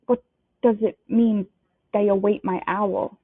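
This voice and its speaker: A curious young boy asks earnest, bewildered questions, as a woman reading a storybook acts him out. The voice sits at a middling pitch and comes through a narrow, phone-like sound. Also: steady tone, takes it slowly, dry recording. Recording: dry, tinny phone-like sound.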